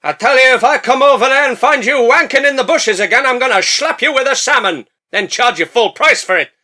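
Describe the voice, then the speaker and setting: A man voicing a gruff, impatient boat captain who shouts and swears at his mate. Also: very high voice, animated, brisk, pitched above the performer's own voice, heavily acted. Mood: ranting. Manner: bellowing, swearing.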